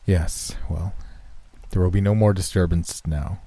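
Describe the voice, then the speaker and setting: A nervous gentleman doctor in a spoken horror story questions an unseen caller in a deep, dark, husky voice, as a man reads him. The delivery is urgent and probing, recorded dry and close. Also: steady tone, unhurried, dry recording. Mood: tense.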